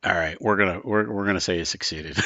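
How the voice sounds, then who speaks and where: A man's voice: deep voice, sharp tone, dry recording, lo-fi sound. A man running a tabletop role-playing game as game master, talking in a loose, chatty way and laughing along with his players.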